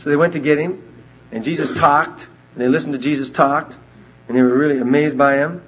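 A man giving a verse-by-verse Bible teaching, emphatic and animated as he reads scripture aloud and explains it. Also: a little high, brisk, breathy edge. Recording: dull lo-fi recording.

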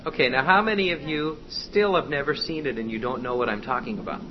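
A man's voice: medium pitch, fast. A man preaching a conversational, exhorting sermon to his congregation. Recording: dull lo-fi with faint noise.

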